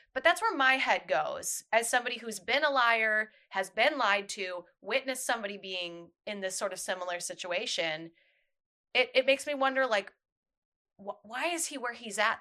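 Bright voiced woman cohost, candid and chatty. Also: a little high. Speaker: podcast co-host. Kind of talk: casual chat.

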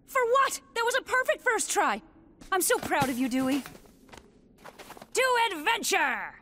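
A woman voicing a bold, cheerful mother duck pilot with a warm, spirited manner. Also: very high-pitched, very animated, measured pace, slight background noise, full character voice. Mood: excited. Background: cartoon score.

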